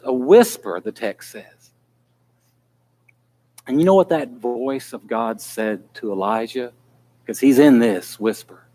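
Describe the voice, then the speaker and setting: A man's voice: mid-range voice, animated, slow pace, pauses often, a little mellow. A man preaching a sermon in an earnest manner that builds to pleading intensity.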